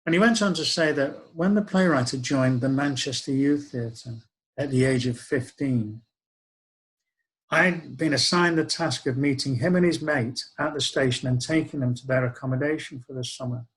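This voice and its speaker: A man's voice: mid-range voice, moderate pace, poor audio. An older man tells a personal story. His delivery is wry, reflective and conversational, like spoken-word storytelling. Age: 60s.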